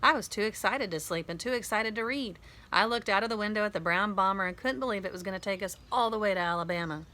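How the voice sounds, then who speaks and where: A woman reading a children's novel aloud, narrating in a boy's first person in a lively, conversational way. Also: medium pitch. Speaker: audiobook reader.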